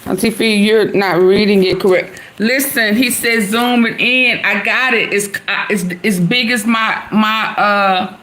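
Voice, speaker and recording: A woman's voice: mid-range voice, unhurried, hardly any pauses, a bit bright. A middle-aged woman, hosting a live stream and chatting with her viewers as she reads their comments aloud. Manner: chatty, answers chat comments aloud, laughs often. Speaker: livestream host.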